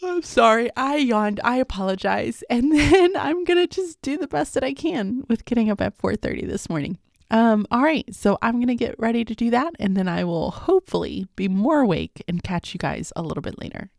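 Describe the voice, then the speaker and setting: A woman's voice: on the high side, expressive, fairly quick, gravelly, darkish tone, no room sound, studio quality. A woman in her thirties hosting a podcast, chatting casually about her day, laughing often and calling her listeners "guys.". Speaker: podcast host. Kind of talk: casual video-diary chat.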